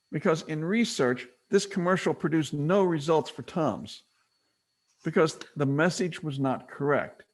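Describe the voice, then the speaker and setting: A middle-aged man presenting a business training webinar, teaching in a conversational way and retelling stories with quick acted quotes. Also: fairly high pitch.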